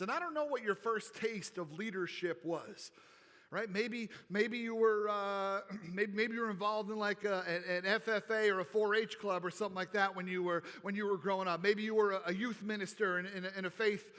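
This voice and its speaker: A man giving an energetic keynote speech, playful and animated as he works the crowd in a large convention hall. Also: high voice, normal speed. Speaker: keynote speaker. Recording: reverberant hall.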